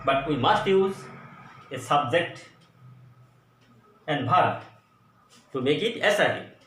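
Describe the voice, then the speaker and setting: A man teaching an English grammar lesson at a board, explaining slowly and going over each example again. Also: on the high side, animated, fairly bright tone. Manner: slow, deliberate explaining with repeated examples. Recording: echoey room, voice from a distance, faint noise.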